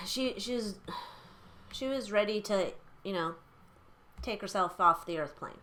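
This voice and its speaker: A woman's voice: medium pitch, unhurried, sharp tone. Chatty, blunt woman reading tarot. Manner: chatty, blunt, swears freely, lots of fillers. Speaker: tarot reader. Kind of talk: casual chat during a tarot reading.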